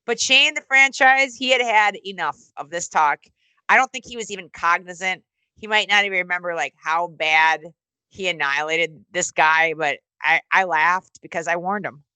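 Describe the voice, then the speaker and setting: A bright, forceful woman's voice, recorded dry and close with no room sound. She is middle-aged and tells stories in a loose, casual way, swearing freely. She acts out what people said with sudden jumps in pitch. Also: normal speed, clean tone, no echo, rough recording. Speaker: interview guest, former wrestling announcer and musician. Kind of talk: casual storytelling.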